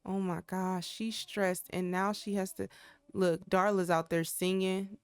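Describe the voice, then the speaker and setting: A woman talks her viewers through a life-simulation game in a chatty, exclamatory way, reacting out loud to the drama on screen. Her voice is mid-pitched and natural. The sound is dry and close, with no room around it. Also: level tone, measured pace, clear, resonant tone, no echo. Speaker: gaming channel host. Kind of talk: let's play commentary.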